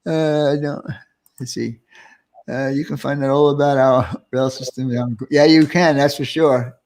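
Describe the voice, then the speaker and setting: A man's voice: mid-range voice, steady tone, measured pace, a little mellow. A man with a New York accent hosting a casual live stream, reading viewer comments aloud and laughing easily.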